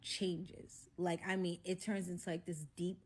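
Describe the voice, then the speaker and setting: Animated woman telling a storytime. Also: lowish voice, measured pace, breathy edge. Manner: animated, acts out quotes. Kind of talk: storytime vlog.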